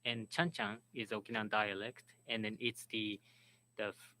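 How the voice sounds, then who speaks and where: Bright-voiced man moderating a panel. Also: lowish voice, little pitch movement, a little hiss or hum, low-quality recording. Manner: halting, restarts words, relays a speaker's account. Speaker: moderator and interpreter. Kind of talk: symposium panel talk.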